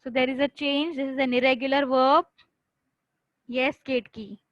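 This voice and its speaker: A high-voiced woman with an Indian English accent teaches an online French class, repeating key points patiently and praising her students by name. The sound is dry and close. It is a little muffled, like online class audio. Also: level tone, normal speed, dry recording. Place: online class via chat.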